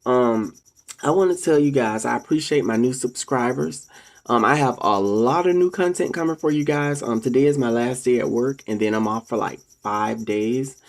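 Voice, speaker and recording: Speaking directly to viewers, a vlogger delivers a relaxed monologue at a moderate pace. He slips into a sermonizing tone, repeatedly addressing "ladies and gentlemen," and voices the people he quotes in a higher, louder register.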